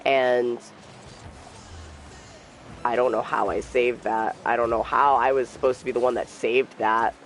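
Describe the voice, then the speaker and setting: A young man streaming a game, telling a personal story in a soft, halting voice and trash-talking the game now and then. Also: mid-range voice, flat delivery, faint music behind, poor audio. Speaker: gamer streamer. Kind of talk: casual storytelling while gaming.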